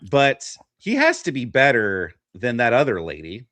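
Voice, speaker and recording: A man's voice: mid-range voice, huge pitch swings, normal speed, fairly bright tone, no echo. Ranting male political streamer, dry sound. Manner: ranting, sarcastic, mocking. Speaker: host. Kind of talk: casual political talk.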